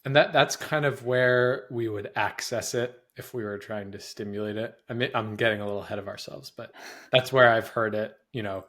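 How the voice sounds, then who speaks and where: A man's voice: lowish voice, normal speed, fairly bright tone. A man co-hosting a podcast, casually asking follow-up questions. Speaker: podcast co-host, exercise science professor. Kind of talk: podcast conversation.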